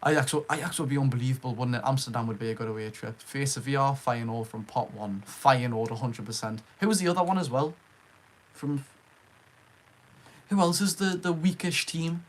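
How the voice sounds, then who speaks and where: A man's voice: mid-range voice, a little fast. A young man with a Geordie accent hosts a casual live stream from his room. He chats easily with viewers, hypes up the chat and reads out their names as they come in. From Northeast England. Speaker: livestream host.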